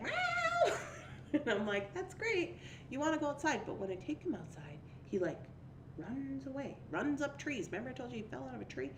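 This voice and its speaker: Chatty young woman host, animated voice, faint hiss behind her. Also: on the high side, roomy sound. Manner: chatty, laughs often, reads viewer comments aloud. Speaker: livestream host. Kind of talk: casual chat.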